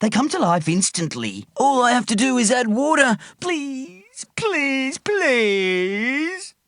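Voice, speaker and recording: A woman voicing an eager, excitable boy in a storybook reading. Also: a little high, slow pace, no echo, clean studio sound, pitched above the performer's own voice, full character voice. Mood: pleading. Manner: eager, pleading.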